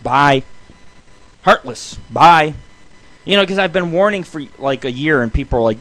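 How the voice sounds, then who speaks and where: A middle-aged man hosting a radio show, rambling and swearing constantly in a loud, blunt monologue. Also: fairly high pitch, animated, moderate pace, pauses often. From southern Nevada. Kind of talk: casual profane monologue.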